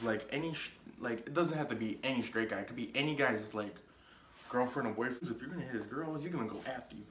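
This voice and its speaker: A man's voice: mid-range voice, a bit bright, roomy sound, a little hiss or hum. A young man telling a casual story on his vlog, rambling with lots of filler words and restarts. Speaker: vlogger.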